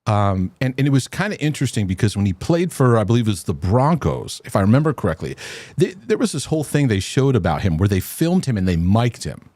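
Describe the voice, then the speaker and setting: A man hosting a casual talk show with his wife, animated, often repeating words and restarting. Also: lowish voice, fast talker, dry recording. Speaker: host.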